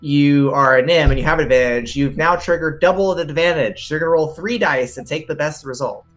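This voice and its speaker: A man narrating as game master in a relaxed, halting way, full of ums. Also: on the high side, soft background music.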